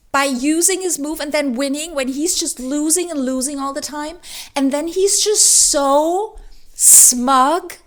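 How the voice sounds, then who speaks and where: Exasperated woman ranting about a book. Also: high-pitched. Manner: animated, exasperated ranting with many restarts. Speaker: book vlogger. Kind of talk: ranting reading vlog.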